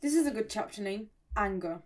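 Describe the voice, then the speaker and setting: A woman's voice: medium pitch, animated, fairly quick, distant mic. A woman casually reading a fan story aloud, with giggly, sarcastic asides. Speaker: story reader and commentator.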